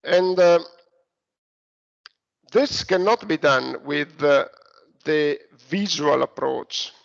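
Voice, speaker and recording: A man with an Italian accent lectures slowly, pausing on fillers and restarting his sentences. His voice is fairly high for a man and gravelly. The recording sounds dull and lo-fi. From Italy. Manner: hesitant, many fillers and restarts. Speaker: university lecturer. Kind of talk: online lecture.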